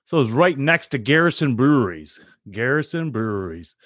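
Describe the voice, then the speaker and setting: A man from Canada with a Canadian accent, co-hosting a casual sports and beer chat, animated and quick to laugh. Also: mid-range voice, no echo, clean studio sound. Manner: animated, laughs easily, relaxed banter. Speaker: podcast co-host.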